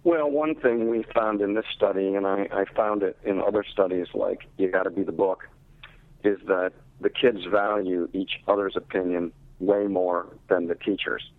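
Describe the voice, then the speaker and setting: A man's voice: deep voice, steady tone, no echo. Man on a tinny phone line. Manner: thoughtful, explanatory, measured. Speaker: literacy researcher and teacher. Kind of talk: interview over phone.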